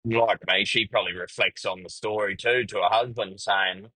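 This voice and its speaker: A man's voice: on the low side, steady tone, moderate pace, bright, forceful tone, husky, dry recording, poor audio. A young Australian man hosting a podcast, telling a rambling, profane yarn in casual storytelling style. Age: young adult. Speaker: podcast host.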